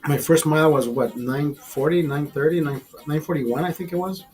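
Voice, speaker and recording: A man's voice: a little high, normal speed, darkish tone, faint music behind, rough recording. A man hosting a livestream, chatting to his viewers in a profane, rambling, easygoing way. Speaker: livestream host. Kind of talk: casual chat to viewers.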